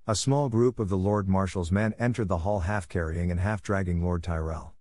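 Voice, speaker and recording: Low-voiced male fantasy narrator. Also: moderate pace, darkish tone, no room sound, clean studio sound.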